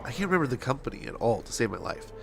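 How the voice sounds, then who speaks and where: A man's voice: medium pitch, big pitch swings, very fast, vocal fry, soft background music. A man in his thirties, a game streamer, telling a long rambling story with many restarts. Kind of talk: casual storytelling chat.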